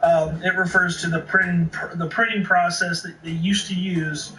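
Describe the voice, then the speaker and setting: A man's voice: high-pitched, level tone, normal speed, bright, forceful tone. A man guest on a podcast, chatting casually and hesitantly, often restarting his sentences. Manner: hesitant, rambling with many restarts. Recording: echoey room, distant noisy mic.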